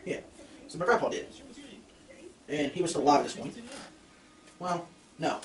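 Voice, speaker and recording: Speaking straight to his viewers, a young trapper vlogger rambles through a story in his fur shed and keeps correcting himself. His voice is on the high side at a moderate pace, and it carries from a distance in the echoing space.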